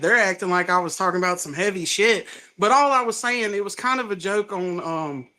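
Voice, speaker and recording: A man with a Southern US accent, a stand-up comedian chatting casually and acting out his stories with lots of laughter. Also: high voice. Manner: animated storytelling, laughs often, acts out quotes. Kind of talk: casual chat.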